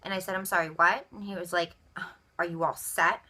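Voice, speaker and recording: Bright-voiced woman telling an indignant story. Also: fairly low pitch, a little fast. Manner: animated, acts out both sides of dialogue. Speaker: vlogger. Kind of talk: storytelling rant.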